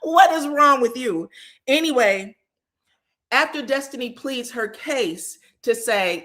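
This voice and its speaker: A woman's voice: on the high side, slow pace. A woman hosting a casual livestream recap of a reality show, telling the drama in a sassy, slangy, profane way and acting out what people said. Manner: acts out quotes with lively voices.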